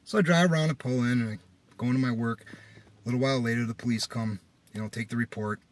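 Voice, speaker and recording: Man, small business owner, casual vlog rant, exasperated retelling, swings loud when riled. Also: mid-range voice, fast. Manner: animated, exasperated retelling with rising outbursts.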